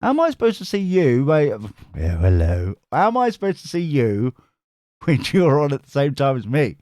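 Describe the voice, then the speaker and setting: A man's voice: fairly high pitch, sing-song, normal speed, darkish tone, dry recording, clean studio sound. Cheeky man chatting on stream. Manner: cheeky, swears, laughs a lot, reads chat aloud. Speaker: tarot reader streamer. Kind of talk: casual live-stream chat.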